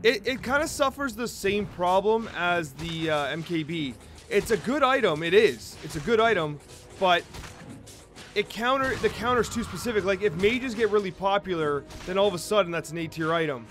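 Upbeat high-voiced male game streamer. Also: normal speed, soft background music. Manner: energetic, chatty, repeats phrases. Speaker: streamer and host. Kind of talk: live game commentary.

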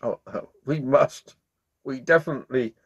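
A man's voice: mid-range voice, moderate pace, husky, close to an everyday voice. A man voicing an eager male rooster who earnestly agrees with everything in a children's story. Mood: agreeing.

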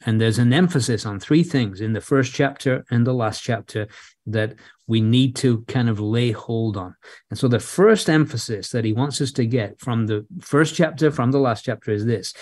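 A man preaching an expository sermon in a measured way, leaning hard on key phrases and now and then repeating words. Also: medium pitch, a little mellow, no room sound, studio quality.

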